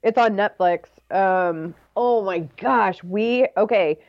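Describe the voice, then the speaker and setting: A woman's voice: medium pitch, takes it slowly, dry recording, dull audio. A woman co-hosting a podcast, telling a story in casual chat and acting out quoted lines.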